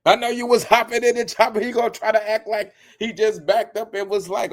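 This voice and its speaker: A man's voice: sits high, level tone, a little fast, hardly any pauses. A man hosting his channel, retelling a story with teasing jokes, repeating lines and acting out quotes. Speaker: channel host. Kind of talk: animated storytelling commentary.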